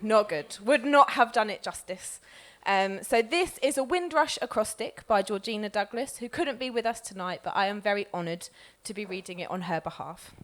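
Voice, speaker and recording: A woman who co-founded the group, reading poems aloud at a live event with measured, expressive delivery. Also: medium pitch.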